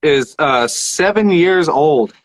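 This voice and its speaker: A man co-hosting a talk show speaks in a relaxed, matter-of-fact way. His voice sits a little high for a man. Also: slow pace, low-quality recording. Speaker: radio show co-host. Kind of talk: casual chat.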